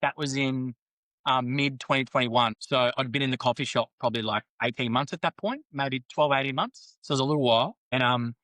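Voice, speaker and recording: A man's voice: medium pitch, fairly quick, fairly bright tone, no echo, low-quality recording. A man, a podcast guest telling his career story candidly, swearing and acting out the people he quotes. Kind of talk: casual storytelling interview.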